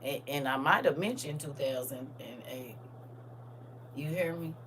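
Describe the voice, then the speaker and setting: An older woman, hosting a casual live chat, laughing and swinging between soft asides and loud high bursts. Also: a little slow, recorded from a distance, slight background noise. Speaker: host reading viewer comments.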